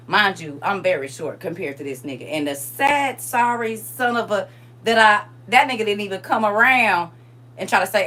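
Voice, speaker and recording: Woman livestream host, casual storytelling, animated and blunt delivery. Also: on the low side, normal speed. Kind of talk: casual storytelling to a live chat.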